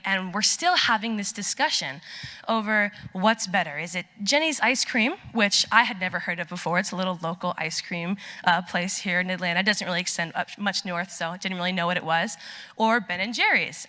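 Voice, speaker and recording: Chatty young woman in a hall. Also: lowish voice. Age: young adult. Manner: chatty, animated, acts out quoted voices. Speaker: student storyteller. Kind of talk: personal story told on stage. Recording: long reverb of a large hall.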